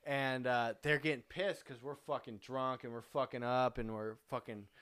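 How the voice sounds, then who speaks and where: A man's voice: medium pitch, fairly even intonation, moderate pace, fairly bright tone, clear, resonant tone. A young man hosting a podcast, telling a rambling, profane party story with laughs mixed in. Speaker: podcast host. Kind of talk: casual storytelling.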